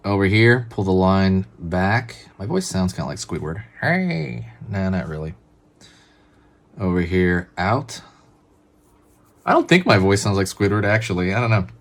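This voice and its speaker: A man's voice: low voice, moderate pace, pauses often. A man hosting a drawing tutorial, talking casually and calling out each stroke as he draws. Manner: relaxed, chatty, narrates each pen stroke. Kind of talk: casual step-by-step drawing instruction.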